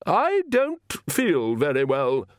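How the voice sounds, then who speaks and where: A man reading an audiobook, voicing a haughty vampire noblewoman who scolds in a shrill tone. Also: very animated, moderate pace, dry recording. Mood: queasy.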